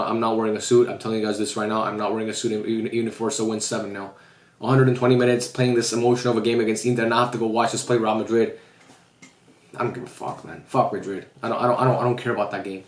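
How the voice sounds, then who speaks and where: A man's voice: fairly low pitch, echoey room. A man football fan vlogging casually to his viewers, dejected and heartbroken, swearing often as he talks straight to them. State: heartbroken after a loss. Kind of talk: casual vlog rant.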